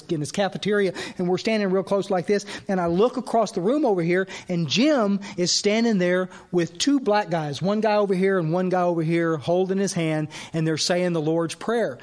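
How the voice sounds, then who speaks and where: Animated older-sounding man telling a sponsor story. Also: high voice. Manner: animated, acts out dialogue, frequent restarts. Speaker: AA speaker and sponsor. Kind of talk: storytelling recovery talk. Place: workshop hall.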